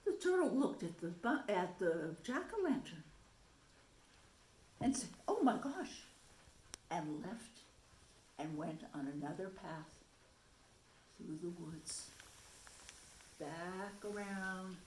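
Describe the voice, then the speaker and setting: A woman teacher reading a picture book aloud to children in a soft, gentle way. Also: fairly low pitch, lively intonation, slow pace, pauses often. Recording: roomy echo, faint ambience.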